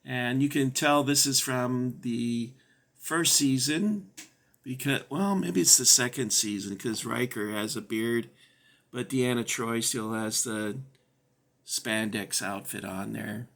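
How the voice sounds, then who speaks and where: A middle-aged man chatting casually about his toy collection, rambling and halting with many fillers. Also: mid-range voice, creaky, a bit bright. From Southern California. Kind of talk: casual show-and-tell chat.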